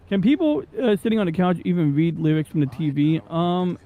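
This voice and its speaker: Rambling New man, fairly high voice. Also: animated, moderate pace, narrow, tinny audio. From New York. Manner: rambling, digressive, swears freely, many fillers. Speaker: podcast host. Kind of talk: casual rambling chat.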